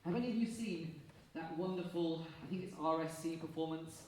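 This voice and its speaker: An Englishman leading a choir rehearsal, briskly encouraging and quick to laugh. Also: a little high, darkish tone, a little hiss or hum. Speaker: choir conductor. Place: rehearsal hall. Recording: echoey hall from far off.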